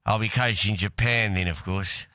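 A man voicing an older male rugby coach, talking in a low, gravelly drawl and brushing off every worry in a comedy sketch. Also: steady tone, normal speed, sharp tone, no echo, studio quality. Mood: breezy denial. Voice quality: low gravelly drawl, keeps saying mate.

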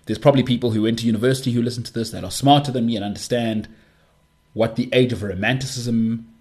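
A man's voice: medium pitch, steady tone, quick pace, darkish tone. A man hosting his podcast in a casual solo monologue, rambling and self-deprecating, with frequent restarts. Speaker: podcast host.

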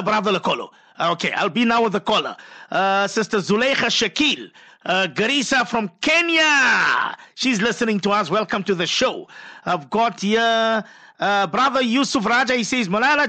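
A man hosting a call-in radio show, chatting casually and telling stories, with frequent coughs and throat clearing. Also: high-pitched, expressive, brisk, bright, forceful tone, no echo. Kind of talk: casual radio talk, reading listener messages.

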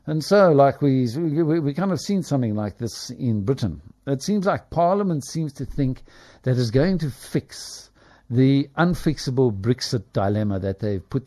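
A man hosting a business radio show, rambling and digressive, with many fillers and animated asides. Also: mid-range voice.

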